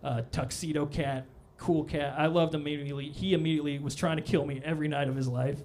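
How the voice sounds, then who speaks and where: A man's voice: on the high side, steady tone, fast, a little mellow. A man performing a stand-up comedy set on a club stage, with a loose, rambling delivery full of "all right?" asides.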